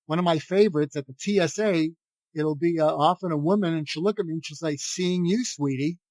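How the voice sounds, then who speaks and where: A man's voice: a little high, fairly quick, dry recording. Storytelling older man, dry close sound. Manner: animated anecdotes, acting out quoted dialogue. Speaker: guest, psychiatrist. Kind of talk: podcast interview storytelling.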